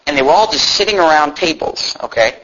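A man's voice: fairly high pitch, lively intonation, brisk, bright, forceful tone. A man preaching a sermon, telling a story in an earnest, conversational way, often restarting and adding asides. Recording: muffled lo-fi recording.

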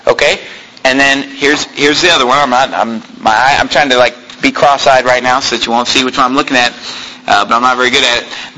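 A man's voice: medium pitch, steady tone, brisk, bright, forceful tone, rough recording. A man preaching a fiery sermon in a church, combative and sarcastic, quizzing the congregation. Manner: combative, sarcastic, asks the congregation for shows of hands.

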